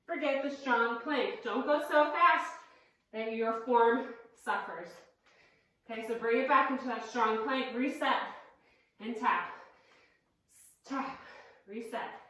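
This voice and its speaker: A woman's voice: a little high, pushed and bright, heavy reverb, recorded from a distance, poor audio. A woman instructing a cardio workout, counting reps and cueing moves, out of breath, with upbeat coaching and self-deprecating asides. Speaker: fitness instructor.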